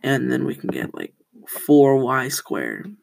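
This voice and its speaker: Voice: medium pitch, huge pitch swings, takes it slowly, creaky, a little mellow, slight background noise, rough recording. A teenage student hosting a casual school podcast, rambling, often correcting themselves and telling corny jokes.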